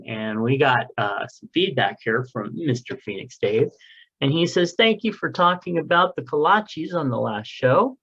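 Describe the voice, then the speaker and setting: Dude cohosting a chill podcast, rambly and jokey, kinda dull lo-fi audio, mid pitch. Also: male voice, lively intonation, normal speed, a bit bright, breathy edge. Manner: rambling, loose, joking, swears casually. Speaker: podcast co-host. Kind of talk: casual podcast chat, reading listener mail.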